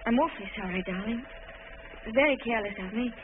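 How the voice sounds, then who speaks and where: An actress playing a shy, timid young wife in a 1940s film drama, hesitant and apologetic, often stammering. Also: female voice, on the high side, quick pace, natural voice. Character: shy, timid young bride, unsure of herself. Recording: tinny old film soundtrack with hiss.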